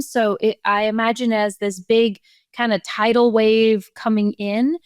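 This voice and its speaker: A middle-aged woman co-hosting a parenting podcast in casual chat, agreeing often and explaining calmly. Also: a little high, a little slow, smooth, no room sound, clean studio sound. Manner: warmly agreeing, frequent backchannels. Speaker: podcast co-host.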